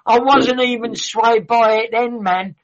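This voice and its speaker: A man's voice: extremely high pitch, fairly even intonation, measured pace, a bit bright. A man talking in a rambling, sweary, argumentative way in a heated casual chat. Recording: dull lo-fi audio.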